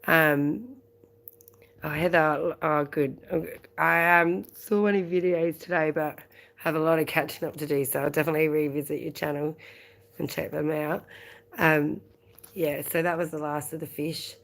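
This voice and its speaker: A woman's voice: deep voice, steady tone, normal speed, gravelly, a bit bright. An Australian woman hosting a late-night live stream, chatting casually with viewers, rambling and laughing often. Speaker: livestream host.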